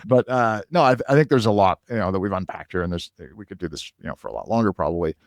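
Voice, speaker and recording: A man's voice: sits low, lively intonation, fast talker, vocal fry, no room sound, studio quality. A man from Minnesota hosting a podcast in casual interview chat, rambling and restarting sentences. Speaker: podcast host.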